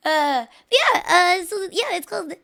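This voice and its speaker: A woman streamer in casual live-stream chat, excitable and chatty, talking straight to her viewers. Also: extremely high pitch, slow.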